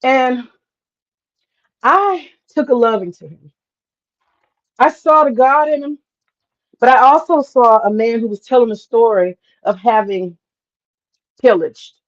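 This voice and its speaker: A woman talking casually on a livestream, drawling and animated as she tells a story, with asides to herself. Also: fairly high pitch, measured pace, pauses often, lo-fi sound. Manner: animated, drawling, swears casually, mutters to herself while cooking. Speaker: host.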